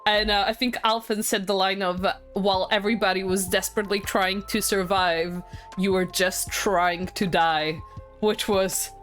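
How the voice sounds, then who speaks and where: A woman streaming a game, chatting casually with her viewers in an excitable, talkative way that often breaks into laughter. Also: medium pitch, moderate pace, faint music behind.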